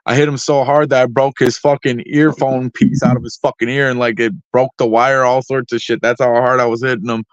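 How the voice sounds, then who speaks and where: Man, mid-pitched voice, casual storytelling, constant swearing, rambling, dry, dull lo-fi audio. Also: little pitch movement, brisk, few pauses, dry recording. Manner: heavily profane, rambling with fillers. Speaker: guest artist. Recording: dry, slightly dull lo-fi sound.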